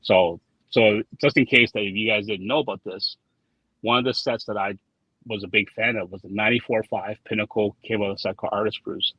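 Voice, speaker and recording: A guest who designs trading cards talks quickly in a lowish, steady voice with a breathy edge. Chatting casually in an interview, he rambles, repeats words and recounts anecdotes with quoted lines. The recording is dull lo-fi with no room sound.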